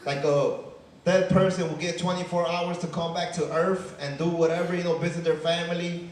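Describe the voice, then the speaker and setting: A young stand-up comedian from Chicago works a comedy club stage in a relaxed set, ending lines with "man" and "right?". His voice sits on the high side with fairly even intonation at a normal speed. The club sounds echoey and distant, with slight background noise.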